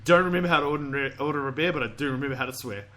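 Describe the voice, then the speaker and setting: Male podcast host, bright forward voice, rambling and chatty, swears freely. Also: mid-range voice, very fast. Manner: rambling, chatty, swears casually, laughs often. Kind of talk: casual chat.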